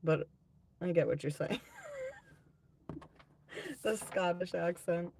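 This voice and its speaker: A woman's voice: fairly low pitch, slow pace, gravelly, a little mellow, slight background noise. A woman hosting a live tarot-reading stream, chatting casually with viewers, reading out their comments and swearing freely.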